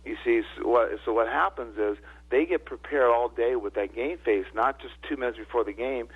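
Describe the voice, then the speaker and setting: Husky older man on a phone line. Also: mid-range voice, normal speed. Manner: emotional, earnest storyteller. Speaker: guest speaker. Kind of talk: storytelling in a radio interview.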